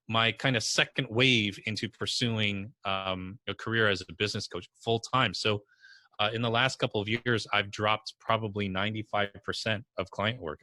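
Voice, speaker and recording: Blunt, punchy New York-area business coach. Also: male voice, on the low side, dry recording. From New Jersey or New York. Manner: blunt, energetic storytelling with strong language. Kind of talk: podcast interview answers.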